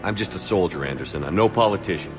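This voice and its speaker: A man's voice: low-pitched, expressive, quick pace, long reverb tail, music in the background. An actor playing a blunt, dry-witted male soldier who has been relieved of duty, in a game cutscene.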